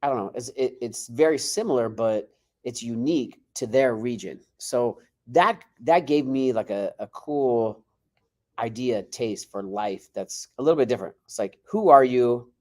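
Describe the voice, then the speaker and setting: A man's voice: mid-range voice, moderate pace. A male martial arts instructor, a podcast guest, telling stories in a casual way and acting out quoted dialogue. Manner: animated, acts out quoted dialogue.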